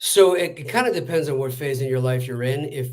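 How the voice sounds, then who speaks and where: A man's voice: medium pitch, darkish tone. A man telling a story as a guest in a casual interview, chatty and full of fillers. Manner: rapid, chatty, with many fillers. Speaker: real estate wholesaler, guest.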